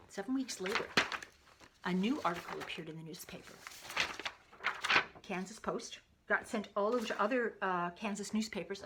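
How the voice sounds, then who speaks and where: A woman's voice: mid-range voice, very noisy. A woman hosting an explanatory history video, chatting casually and reading old newspaper clippings aloud. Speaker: video host.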